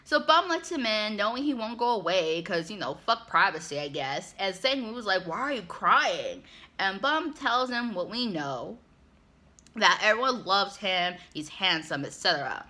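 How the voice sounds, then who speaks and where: A woman's voice: medium pitch, big pitch swings, moderate pace, pushed and bright. A woman giving a casual, sarcastic recap full of "like" and asides, talking like a regular host. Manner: sarcastic, chatty, lots of "like". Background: music.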